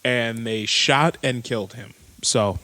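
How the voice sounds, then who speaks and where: A man's voice: medium pitch, takes it slowly, bright, forceful tone, in a large hall. A young man co-hosting a podcast in easygoing, chatty talk, telling anecdotes. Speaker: podcast co-host. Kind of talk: casual chat.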